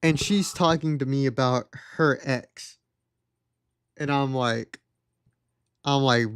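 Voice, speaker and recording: A man's voice: mid-range voice, slow pace, pauses often, clean tone, no echo, studio quality. A young man streaming live, casually telling a story in a sarcastic, exasperated, slangy way. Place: home streaming setup.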